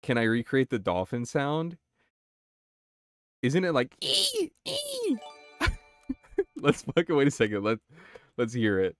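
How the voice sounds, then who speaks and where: Excitable young man streaming, lively pitch. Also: moderate pace, pauses often, dry recording, soft background music. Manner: excitable, swears, reads chat aloud. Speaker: game streamer. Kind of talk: casual live-stream chat.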